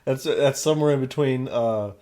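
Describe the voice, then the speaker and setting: A man's voice: medium pitch, normal speed, dark tone. A man co-hosting a casual podcast chat, playful and joking, now and then breaking into silly voices. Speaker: podcast co-host.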